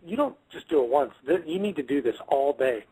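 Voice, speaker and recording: A high-pitched man with a husky voice rambles through jokes on a casual radio chat. He stumbles and restarts his sentences. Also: animated, fairly quick, mellow, low-quality recording. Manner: joking, rambling with stammered restarts. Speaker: guest.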